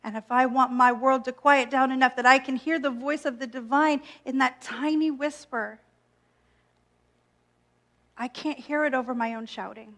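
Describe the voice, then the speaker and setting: A woman minister preaching a gentle, reflective sermon with playful self-mocking asides. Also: high-pitched.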